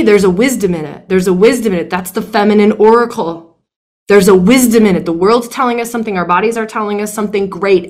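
A young adult woman teaching a workshop, emphatic and blunt, swearing freely and repeating phrases for emphasis. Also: mid-range voice. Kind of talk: impassioned teaching talk.

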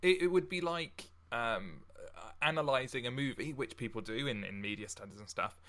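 A young man hosting a casual podcast chat, tired and halting, with many fillers and restarts. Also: medium pitch, lively intonation, sharp tone. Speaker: podcast host. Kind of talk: casual chat and poetry reading.

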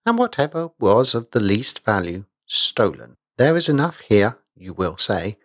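A man reading a story aloud in a measured storytelling manner. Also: lowish voice, very animated, a bit bright, no room sound, clean studio sound. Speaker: narrator. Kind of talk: audiobook reading.

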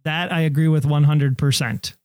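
A man's voice: a little high, flat delivery, moderate pace, a little mellow, smooth, dry recording, clean studio sound. A man co-hosting a podcast in casual chat. He is talkative and laughs easily. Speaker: podcast co-host.

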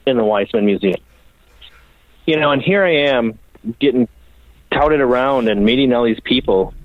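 A man's voice: mid-range voice, no echo. Man, bike builder, swears casually, self-deprecating storyteller, dry tinny phone-like sound. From Minneapolis area. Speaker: custom bike builder, guest.

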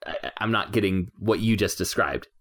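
A man in a relaxed film podcast, picking apart scenes in a thoughtful, analytical way. His voice sits somewhat low. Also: moderate pace. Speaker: podcast co-host. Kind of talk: casual film discussion.

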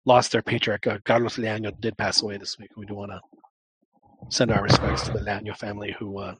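A man hosts a laid-back sports podcast with a husky, slightly raspy voice. He talks in a friendly but halting way, full of fillers and restarts. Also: lowish voice, little pitch movement, fairly bright tone. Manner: hesitant, many fillers, friendly. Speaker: podcast host. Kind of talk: casual chat.

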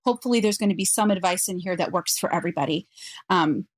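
A woman's voice: fairly low pitch, no room sound. Woman telling a heartfelt story, dry sound. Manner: earnest, reflective, with frequent pauses. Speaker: podcast guest. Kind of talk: personal storytelling interview.

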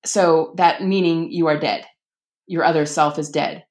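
Low-voiced chatty woman author. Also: measured pace. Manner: chatty, many fillers, animated quoting. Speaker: author guest. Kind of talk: casual podcast conversation.

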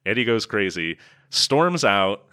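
A man with a lowish voice that swings up and down as he retells a movie scene by scene. He talks casually, as one half of a podcast, and every so often breaks into a loud shouted impression of a character. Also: takes it slowly, smooth. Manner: animated storytelling, bursts into loud shouted impressions. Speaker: podcast co-host. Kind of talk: casual movie recap chat.

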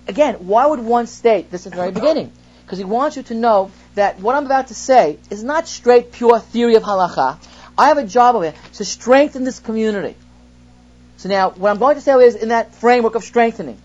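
A man's voice: extremely high pitch, a little mellow. A man who is a rabbi teaching a text-study class to students. He explains through everyday examples, asks rhetorical questions, and reads Hebrew phrases before translating them. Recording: dull lo-fi class recording.

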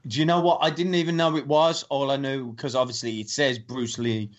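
A man's voice: medium pitch, steady tone, brisk. A man hosting an interview who chats casually and encourages his guest with short responses. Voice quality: encouraging, frequent short backchannels. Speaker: interviewer host. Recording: dull lo-fi audio.

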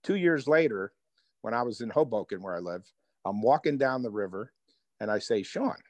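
A man telling personal stories as a guest in an interview, lively and conversational. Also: fairly low pitch, moderate pace, no room sound. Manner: animated storyteller, acts out quoted voices. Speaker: author and guest. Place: Hoboken.

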